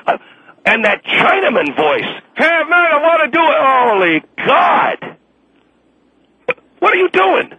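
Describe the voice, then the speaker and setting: A fuming radio station boss who rants and scolds with mounting exasperation, as a man puts him on. His voice sits unusually high and swoops about, rough and raspy throughout. He sounds like a bit from a radio comedy sketch. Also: wildly swooping pitch, slow, pauses often, lo-fi sound, heavily acted. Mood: exasperated. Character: irate middle-aged male radio station boss.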